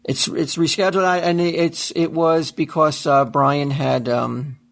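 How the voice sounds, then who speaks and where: A man's voice: a little high, flat delivery, a little slow, creaky. A man hosting a show, chatting casually and rambling with many fillers. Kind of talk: casual chat.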